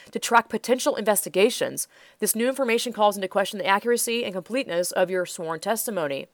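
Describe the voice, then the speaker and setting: A woman hosting a political commentary show, rambling with many fillers and turning heated and loud when angry. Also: mid-range voice, dry recording, studio quality. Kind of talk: casual opinionated monologue.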